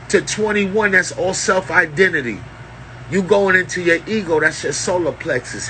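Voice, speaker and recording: Man, preachy street-slang spiritual rant, profane, high-ish sharp voice, faint traffic behind. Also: poor audio. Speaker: self-styled spiritual teacher. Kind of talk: unscripted spiritual rant to camera.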